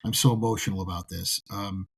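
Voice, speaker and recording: Southern guy cohosting a podcast, husky lowish voice, hamming it up for laughs. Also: steady tone, brisk. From American South. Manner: joking, playfully dramatic. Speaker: co-host. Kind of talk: casual podcast chat.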